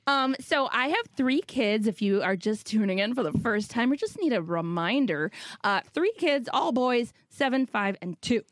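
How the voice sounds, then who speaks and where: A woman co-hosting a podcast in casual chat, bubbly and quick to giggle. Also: fairly high pitch, lively intonation, dry recording. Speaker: podcast co-host.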